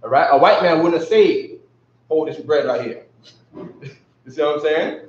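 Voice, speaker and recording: A man's voice: fairly high pitch, lively intonation, measured pace. Guy teaching class, slangy, lots of "you know what i'm saying", dull lo-fi sound. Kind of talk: casual classroom lecture. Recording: echoey room, distant mic, dull lo-fi.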